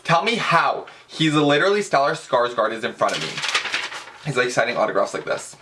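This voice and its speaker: A man's voice: mid-range voice, fairly quick, a little hiss or hum. A young man telling a story in a casual vlog, gushing and chatty, calling his viewers "girl" and dropping "like" into every line. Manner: dramatic, excitable fan. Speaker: vlogger.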